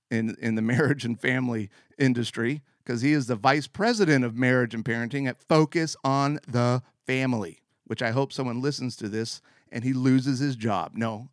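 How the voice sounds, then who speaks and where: A man spinning a comic story for his show, animated and chuckling between phrases, in a middle-pitched voice. The sound is dry and close, with no room echo. He pushes through punchlines with a grin in his voice. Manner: animated, laughs mid-sentence. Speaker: show host.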